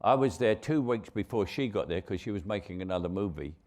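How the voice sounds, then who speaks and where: An older man with a London Cockney accent, a veteran actor telling anecdotes on stage as a relaxed raconteur. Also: on the low side, fairly quick. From England. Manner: relaxed raconteur, frequent restarts and chuckles.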